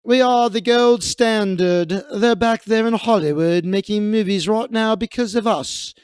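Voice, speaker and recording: A man voicing a furious male movie star in a British accent, yelling profane threats at a film crew. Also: high-pitched, measured pace, smooth, dry recording, pitched above the performer's own voice. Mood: furious rant.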